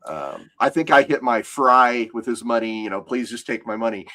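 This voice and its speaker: A man's voice: medium pitch, lively intonation, normal speed. A man from Arkansas, hosting a casual podcast chat, joking and laughing often. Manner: jokey, laughs often, trails off softly. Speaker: podcast host.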